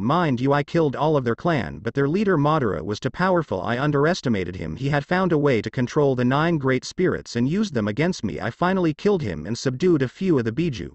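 Grieving old werewolf grandfather, read by a man, somber and weary, lively delivery. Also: medium pitch, no room sound, dull audio, close to an everyday voice. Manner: somber, sad.

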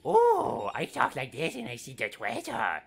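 Comedic bit: a man putting on a chirpy, flamboyant voice, lively and rough. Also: medium pitch, unhurried, exaggerated voice. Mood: gushing.

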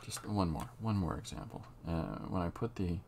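Low gravelly man musing while he draws. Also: a little mellow, slight background noise. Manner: unhurried, halting, muses as he works. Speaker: comic artist drawing on camera. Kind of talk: thinking-aloud drawing tutorial.

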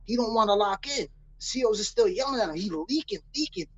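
A young man with a husky, breathy voice, telling a story as an interview guest. He acts out the people he quotes in street slang. The sound is close and dry on a dull, slightly lo-fi recording. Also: very high-pitched, fast, no echo. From New York City. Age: young adult. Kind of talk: casual storytelling.

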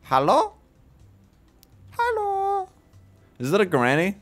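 A man's voice: high voice, huge pitch swings, takes it slowly, a bit bright, soft background music. A young man of about twenty, swearing and ranting in exasperation as he plays and comments on a horror game. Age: around 20. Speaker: gaming video creator.

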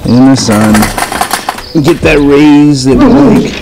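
A man's voice: fairly high pitch, sing-song, slow, noisy background. A man who runs a dog kennel, chatting casually for a vlog in his yard, rambling and correcting himself as he goes. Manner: rambling, self-correcting, talks baby talk to his dogs. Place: outdoors in a yard.

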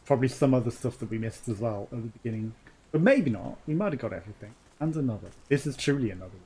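A man narrates his own gameplay in a loose, chatty way, cracking jokes and laughing often. His voice is a little husky, and his pitch jumps around freely. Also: expressive, fast, a little mellow. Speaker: let's play host. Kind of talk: casual gameplay commentary.

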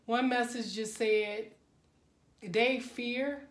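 A woman's voice: on the high side, fairly even intonation, drawn-out words. Emotional woman tarot reader in an echoey room. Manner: emotional, exclaiming, talks straight to the viewer. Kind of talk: casual tarot reading to camera.

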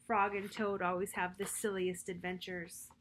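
A woman's voice: mid-range voice, flat delivery, moderate pace, fairly bright tone, slight background noise. A woman reading a bedtime story to children as their storyteller, friendly and speaking directly to her young listeners.

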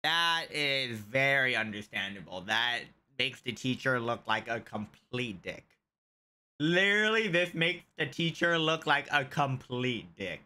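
A man with a bright, sharp, high-pitched voice reacts live on stream. His speech swings all over the place, with frequent giggles and stretched-out exclamations. He talks slowly and takes his time. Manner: giggly, animated, drawn-out exclamations.

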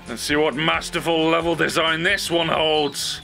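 A young man doing excitable let's play commentary, laughing and swearing as he plays. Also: fairly high pitch, unhurried, vocal fry, hardly any pauses. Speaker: gaming YouTuber. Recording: faint game music behind. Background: faint game music.

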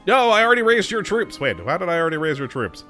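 A man's voice: sits high, very animated, fast talker, pushed and bright, soft background music. A man commenting on his own strategy game, frantic and self-mocking, often talking straight to his troops. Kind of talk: let's play commentary.

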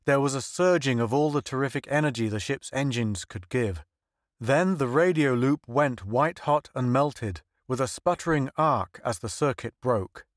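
A man narrates an audiobook in a steady, measured way, with a voice of middle pitch. The recording is dry and close to the mic, with no room sound. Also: no echo. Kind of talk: scripted narration.

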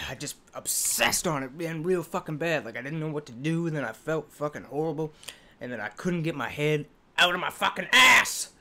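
A man's voice: a little high, lively intonation, moderate pace, pushed and bright. Profane, rambling man reacting to music. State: emotional. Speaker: music reaction video host. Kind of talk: casual reaction commentary.

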